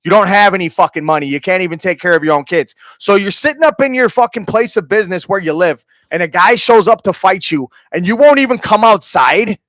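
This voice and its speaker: A man from Minnesota with a notably high voice rants on his stream, swearing hard and taunting the person he is talking about. The sound is close and dry, with no room around it. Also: quick pace, few pauses, a bit bright, no echo. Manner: profane, heated, taunting. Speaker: streamer host. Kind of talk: ranting commentary.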